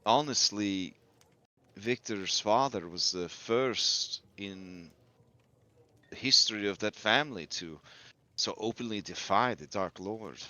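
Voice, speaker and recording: Give me a man playing a wary older woman, slow and grave, with a bright, dry tone. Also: fairly low pitch. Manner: grave, deliberate warnings. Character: wary older woman innkeeper, sober and measured.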